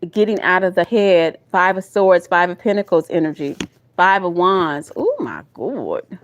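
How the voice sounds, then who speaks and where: A woman's voice: fairly low pitch, steady tone, normal speed, clear, resonant tone. A woman with a Southern US accent doing a live tarot reading. She talks to her viewers in a folksy, emotional way and calls them y'all and baby. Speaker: tarot reader.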